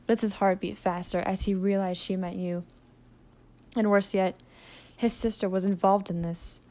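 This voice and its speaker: A woman voice actress narrating a second-person listener audio drama with calm storytelling. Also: mid-range voice, a little slow.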